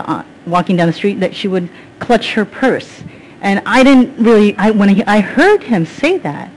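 A man with a fairly high voice talks to an audience at a panel discussion. He speaks casually, pausing and restarting his sentences as he goes. A faint hiss of noise sits under the recording. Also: poor audio. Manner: casual, halting, with fillers and restarts.

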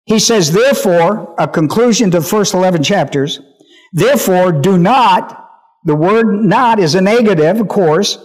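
A man's voice: high voice, moderate pace, few pauses, a little mellow. A male pastor teaching a Bible lesson, emphatic, repeating key phrases and often asking whether listeners understand.

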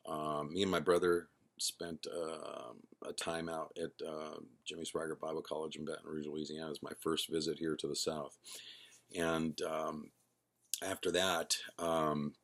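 Man, middle-aged, deep voice, gravelly, rambling band story, self-correcting. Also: little pitch movement, unhurried, fairly bright tone. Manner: rambling, self-correcting, acts out quoted dialogue. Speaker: band singer and founder. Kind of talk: casual spoken storytelling.

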